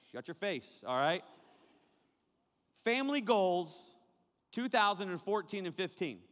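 A man preaching to a young crowd as a youth pastor, joking and animated, talking straight to his listeners. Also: high-pitched, big-room sound. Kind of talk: sermon.

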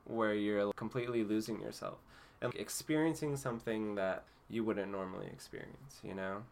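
A man's voice: lowish voice, normal speed, gravelly, a little hiss or hum. A man being interviewed as an actor, chatting casually, laughing often and rambling with fillers. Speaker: actor guest.

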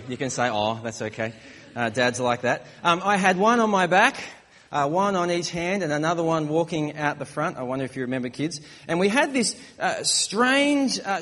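Man, preacher, conversational sermon, slightly high pitch, long hall echo. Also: lively intonation, moderate pace, fairly bright tone. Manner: conversational, joking storyteller.

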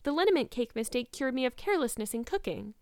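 A woman voicing an imaginative teenage girl, earnest and emphatic, sometimes quick and cold. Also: high-pitched, big pitch swings, a little mellow, clean tone, no echo, clean studio sound, voice pushed up.

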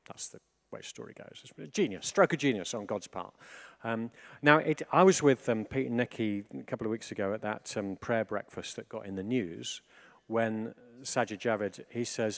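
A man preaching in a relaxed, conversational way. His delivery is animated, dropping to a hush and then lifting with excitement. His voice sits at a middle pitch. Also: fairly quick, vocal fry. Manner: animated, swings between hushed and excited. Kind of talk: informal sermon.

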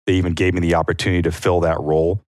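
A man's voice: flat delivery, racing, a little mellow, no room sound, clean studio sound. A man co-hosting a podcast, chatting casually and telling stories, sometimes acting out what people said. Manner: storytelling, acts out quotes in a higher voice. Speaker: podcast co-host. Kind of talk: casual chat.

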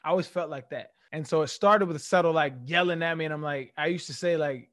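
Animated male storyteller, fairly high-pitched. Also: brisk, hardly any pauses. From California. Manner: animated storyteller who acts out quotes. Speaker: guest, former athlete. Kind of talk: casual interview storytelling.

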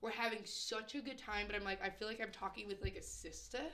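A woman comedian co-hosting a podcast, telling an animated story in casual chat and laughing as she goes. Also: medium pitch, fast talker, slight background noise.

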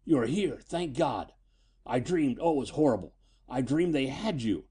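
A man's voice: medium pitch, expressive, measured pace, dark tone, husky. A man voicing a frantic, agitated older male scientist, pleading and exclaiming.

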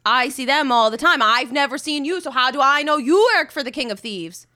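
A woman voicing a brash, smooth-talking female rogue who bluffs her way past guards, glib and needling. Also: high voice, brisk, bright, forceful tone, no echo, clean studio sound. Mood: smug bluffing. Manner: glib, needling, confidently argumentative.

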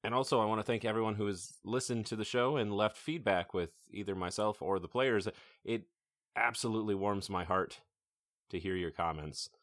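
A man hosting a tabletop role-playing show, giving announcements and narrating as game master in a relaxed way with many filler words. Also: on the low side, moderate pace, dry recording, clean studio sound.

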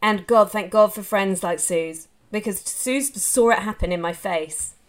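An Australian woman talks straight into her phone in a loose, live-streamed monologue, sounding candid and unfiltered. She swears without a second thought and lets her sentences tumble on one after another. Her pitch sits at an everyday middle height. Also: a little slow. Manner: candid and animated, swears freely; rambling, tumbling run-on sentences. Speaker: podcast host. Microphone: phone, live on social media.

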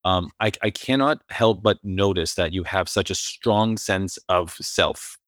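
A man's voice: deep voice, a little slow, a bit bright, dry recording, studio quality. A man hosting an interview, asking long rambling questions with many fillers and restarts. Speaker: host. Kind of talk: interview conversation.

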